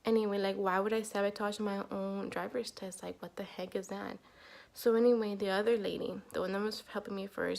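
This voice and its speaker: A woman's voice: medium pitch, gravelly, a little mellow. A young adult woman telling a story in a casual vlog, chatty and exasperated, with lots of fillers. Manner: chatty, exasperated retelling with lots of "like" and "you know what I mean". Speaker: vlogger.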